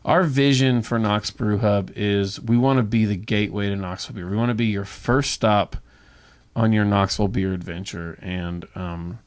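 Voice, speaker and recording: A man's voice: fairly low pitch, fairly even intonation, moderate pace. Enthusiastic man telling a story. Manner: enthusiastic storyteller, repeats words when starting. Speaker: brewery tour company owner. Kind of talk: casual podcast conversation. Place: Knoxville.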